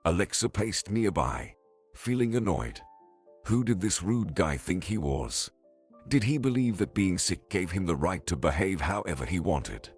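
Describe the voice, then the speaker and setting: Deep, husky male story narrator. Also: expressive, a little slow, faint music behind.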